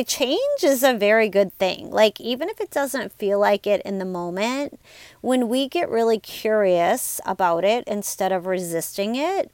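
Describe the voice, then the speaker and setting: A woman's voice: mid-range voice, no echo. A woman in her forties hosting a motivational podcast, talking in an upbeat, chatty way and often calling her listeners "you guys". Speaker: podcast host and life coach. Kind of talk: casual motivational podcast talk.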